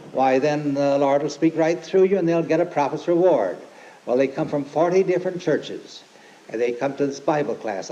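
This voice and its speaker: An older man preaching an informal, rambling sermon, folksy and emphatic, who turns forceful when he quotes scripture. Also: mid-range voice. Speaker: lay preacher and teacher. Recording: dull lo-fi archive recording with faint hiss.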